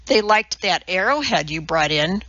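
A woman reading the part of a blunt older woman neighbor with a deadpan, brusque delivery. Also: fairly low pitch, moderate pace, no room sound, lo-fi sound.

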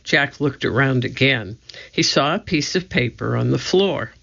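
Slow, gravelly storybook narrator. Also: medium pitch, animated, a bit bright, dull audio. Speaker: audiobook narrator.

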